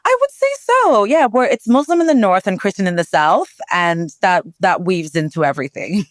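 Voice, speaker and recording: A woman from Nigeria, a travel journalist being interviewed, telling animated stories and laughing often. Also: medium pitch, normal speed, no echo. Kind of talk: conversational interview.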